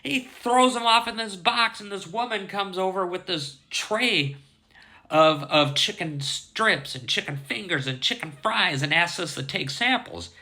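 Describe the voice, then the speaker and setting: A man with a very bright, fairly high voice tells a dream story in a casual way. His pitch swings widely as he gets worked up, and he swears constantly. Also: unhurried. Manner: heavy swearing, animated and indignant.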